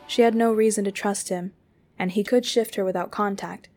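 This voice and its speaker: A woman narrating a work of fiction aloud in a steady, expressive reading voice. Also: mid-range voice.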